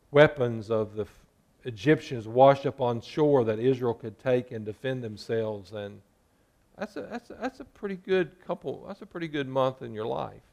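A man's voice: mid-range voice, darkish tone. A male pastor preaching a sermon, sometimes acting out the complaints of the people in his story.

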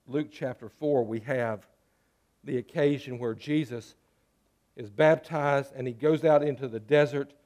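A man's voice: medium pitch, fairly even intonation, measured pace, darkish tone. A man preaching a sermon as pastor, talking conversationally and putting rhetorical questions to his listeners.

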